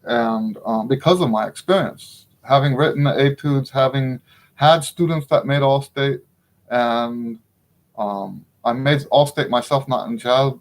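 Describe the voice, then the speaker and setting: A middle-aged male trumpet teacher talks through a casual lesson with a voice pitched a little above most men's. He is frank and opinionated and keeps checking in with "right?" as he explains.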